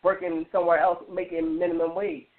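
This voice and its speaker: A woman on a radio panel, telling stories with lively restarts and lots of "like". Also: fairly low pitch, fairly quick, creaky. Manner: animated storytelling with many restarts and repeated "like". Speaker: roundtable panelist. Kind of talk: casual radio panel chat. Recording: tinny phone-line sound.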